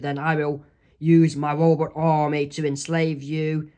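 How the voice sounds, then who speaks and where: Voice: medium pitch, a little mellow, natural voice. A reader voicing a scheming male evil scientist's letter from a comic strip, read plainly.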